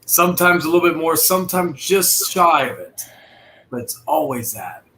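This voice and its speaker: A man with a bright, forceful voice talks casually about his work and life, wandering through his thoughts with restarts and fillers. A faint hiss of background noise sits under his voice. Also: fairly high pitch, sing-song, moderate pace. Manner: rambling, many restarts and fillers. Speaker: dishwasher and cook. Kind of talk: casual chat on a live stream.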